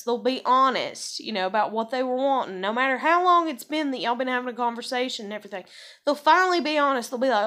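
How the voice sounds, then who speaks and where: A woman's voice: a little high, quick pace, sharp tone. A woman talking in a casual vlog, rambling and profane, with lots of "like" and "you know.". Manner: heavy use of fillers "like" and "you know". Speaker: vlogger.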